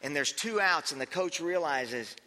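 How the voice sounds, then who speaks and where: A man preaches a sermon, telling a story with animation and acting out scenes as he goes, often restarting his sentences. His voice sits a little high and very bright. The sound carries a long reverb from a large hall. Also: animated, moderate pace.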